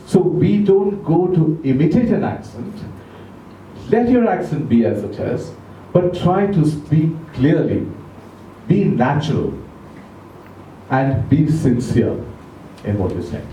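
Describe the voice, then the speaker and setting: A man with an Indian English accent giving a measured, emphatic talk on public speaking to a club audience. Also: a little high, sing-song, dark tone, distant mic, a little hiss or hum. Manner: measured, emphatic, slows down to stress words. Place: large club meeting room. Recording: echoey room, speaker off mic.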